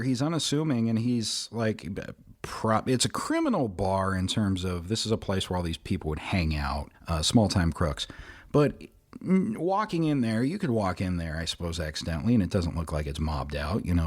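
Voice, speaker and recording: Husky low guy on a podcast, telling a history story all animated and chatty. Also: fairly quick. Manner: animated, chatty, with asides and restarts. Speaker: podcast guest. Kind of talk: casual storytelling recap. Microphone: podcast mic on a video call.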